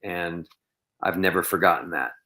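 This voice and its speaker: A man's voice: sits low, normal speed, bright, forceful tone. A man guest on a podcast interview, telling long anecdotes in an earnest, reflective way, with many "you know"s and "um"s. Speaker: podcast guest, professional bowler.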